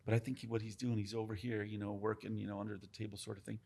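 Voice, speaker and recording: A tattoo artist, talking on a podcast. He is blunt and profane, and he keeps the stories coming with an animated, storytelling push. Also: fairly low pitch, rapid-fire, gravelly. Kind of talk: casual podcast conversation.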